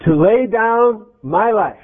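A man's voice: high voice, expressive, slow pace. A man preaching an interactive sermon, speaking emphatically and quizzing his congregation with questions. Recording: tinny phone-like lo-fi recording.

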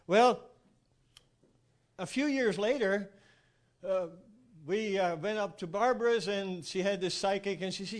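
Guy with a really high voice preaching, chatty storytelling, keeps asking "right?". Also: a little slow, long pauses. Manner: animated, rhetorical asides, chuckles often. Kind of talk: informal sermon with storytelling.

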